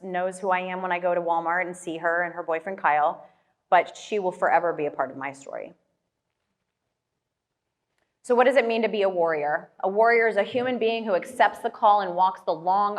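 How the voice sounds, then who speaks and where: Casual lower-voiced woman telling a story. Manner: casual, many "like" fillers, asks the audience questions. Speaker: motivational speaker. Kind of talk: personal storytelling talk to an audience.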